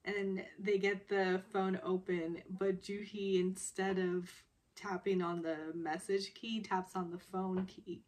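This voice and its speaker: Giggly woman vlogger, mid-pitched, rambling casual recap full of fillers. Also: little pitch movement, slow, a little mellow. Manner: giggly, laughs often while retelling.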